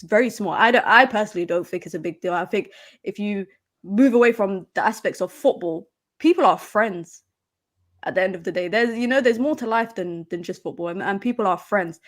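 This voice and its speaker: Relaxed slangy woman giving football opinions. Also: mid-range voice, brisk. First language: not English. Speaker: panelist. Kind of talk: casual football podcast chat.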